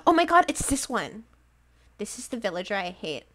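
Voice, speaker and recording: A woman's voice: medium pitch, big pitch swings, normal speed, fairly bright tone. A woman streaming a game live, chatting casually and giggling often, with lots of "like" fillers. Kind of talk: casual livestream chat while playing a game.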